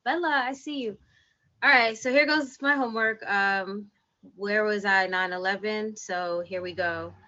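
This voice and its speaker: A woman in her forties reading spoken word poetry on a livestream, soft-spoken and measured. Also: medium pitch. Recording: dull lo-fi livestream audio.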